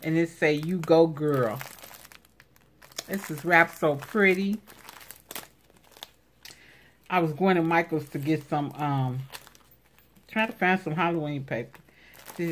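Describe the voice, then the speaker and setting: A woman's voice: sits low, a little hiss or hum. A woman vlogger chatting casually while opening craft mail, gushing and exclaiming over each piece. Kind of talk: casual unboxing chat.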